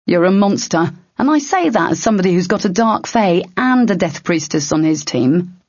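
Brief: woman reading as a cocky young man, defiant and wisecracking, a little raised in pitch, husky dull audiobook sound. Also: animated, normal speed, a little mellow, no echo.

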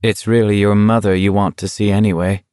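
A sly young man who needles his rival with cool, mocking calm, as a male audiobook narrator reads him. His low voice stays unhurried and condescending, even when soothing. The sound is close and dry. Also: no room sound, lightly acted. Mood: casual. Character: young male walker, taunting, coolly needling.

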